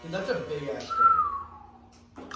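A young man telling a story and swearing, excited, calling to his mom. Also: on the high side, a little slow, distant mic, heavy background noise. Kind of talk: casual family banter. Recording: very echoey room, off-mic. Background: loud music and clippers.

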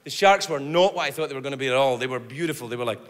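A middle-aged man with a Scottish accent telling a stand-up story in an animated way, sometimes jumping into shrieking high voices. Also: very fast. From Scotland. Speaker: stand-up comedian. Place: large theater stage. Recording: reverberant hall with loud audience noise.

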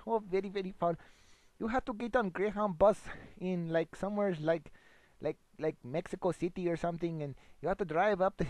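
A man voicing a bumbling, crude male radio DJ with a put-on foreign-sounding delivery and broken English, rambling excitably into a home computer microphone. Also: high-pitched, no room sound. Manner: rambling, excitable, swings between loud bursts and mumbles. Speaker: comic radio host persona. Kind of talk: improvised comedy monologue.

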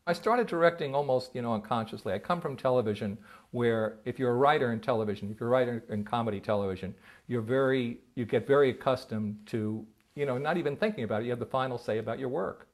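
A man's voice: medium pitch, quick pace. A man, a writer and director, musing casually in a documentary interview.

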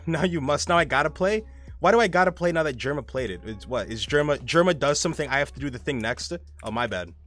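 Animated young man chatting on stream. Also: medium pitch. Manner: rambling, animated, swears often, reads chat aloud. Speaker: live streamer. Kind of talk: casual live-stream chat while gaming.

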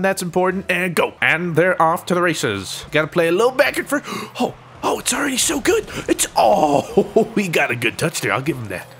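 A young man commentating his own gameplay, excitable and self-mocking, yelping and laughing at the plays. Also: on the high side. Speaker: gaming YouTuber.

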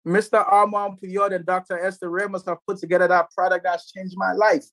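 A man in his twenties giving a preachy, repetitive motivational sales pitch to listeners on a group call. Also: level tone, brisk, fairly bright tone, dry recording. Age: 20s. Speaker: network marketing presenter.

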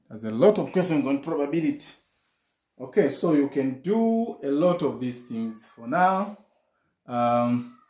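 A man's voice: medium pitch, dark tone. Man teaching maths in an echoey room. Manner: repeats key phrases, frequent restarts and fillers. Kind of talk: classroom lesson explanation.

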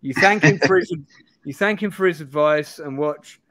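A man's voice: on the high side, moderate pace, fairly bright tone. A man in his forties hosting a live play-through, reading a gamebook aloud with restarts and asides. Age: 40s.

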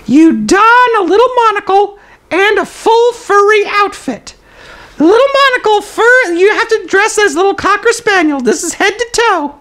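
A squeaky toilet paper puppet. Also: male voice, lively intonation, moderate pace, sharp tone, full character voice. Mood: zany. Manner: gives absurd life advice with confident, matter-of-fact delivery; chats to the live chat, hesitant fillers. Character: zany toilet paper roll puppet, cheerful and absurd. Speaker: puppet host of a live stream. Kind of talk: comedic live-stream bit.

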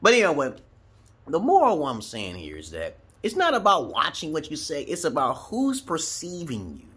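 Casting: husky-voiced man from Brooklyn, lively swooping delivery, loose and profane, rambling vlog rant. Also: fairly high pitch, normal speed. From Brooklyn, New York, USA. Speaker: vlogger. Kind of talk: casual rambling monologue.

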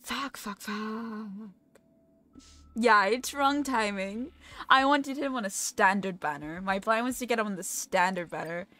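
Slow-talking woman streamer, swears freely. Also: mid-range voice, pushed and bright. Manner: swears freely, chatty and self-mocking. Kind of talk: casual live-stream gaming chat.

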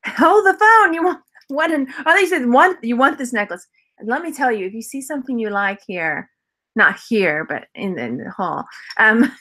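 A woman's voice: fairly high pitch, fairly bright tone. A woman casually chatting through a jewelry unboxing haul as a reseller vlogger, rambling, laughing often and answering viewer comments. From Texas.

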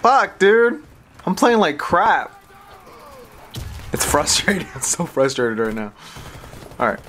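Excitable swearing young gamer guy. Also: fairly high pitch, slow pace, a little hiss or hum. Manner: swearing, self-deprecating, excitable. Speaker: gameplay commentator. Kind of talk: casual gameplay commentary.

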